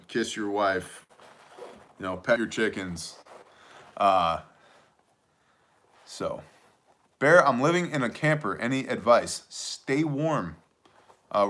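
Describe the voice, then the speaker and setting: Guy in his 30s doing a live chat stream, bright kinda forceful voice, jokey, reads comments out loud. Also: lowish voice. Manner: joking, conversational, reads chat aloud. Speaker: livestream host answering chat.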